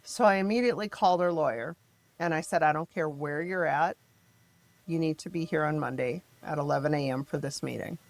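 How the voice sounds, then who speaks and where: Emphatic mother with a lower voice. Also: a little fast, vocal fry. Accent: American Midwest. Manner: emphatic, animated when quoting others, frank. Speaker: mother telling her family's story. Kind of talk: personal storytelling in a podcast interview.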